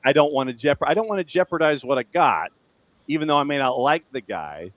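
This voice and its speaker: Relaxed man hosting a soccer chat. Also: a little high, fast talker. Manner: relaxed, brings in topics, short reactions. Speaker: podcast co-host. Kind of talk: casual podcast chat.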